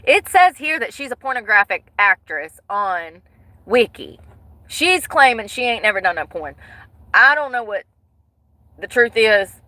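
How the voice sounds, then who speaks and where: Chatty bright-voiced woman vlogger. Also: on the high side, measured pace, dry recording. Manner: animated, swears, breaks into laughter. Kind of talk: casual gossip chat to viewers.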